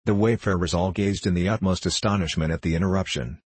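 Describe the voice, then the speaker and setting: A man narrating an audiobook in an even, measured reading. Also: low voice, slightly rough, dry recording.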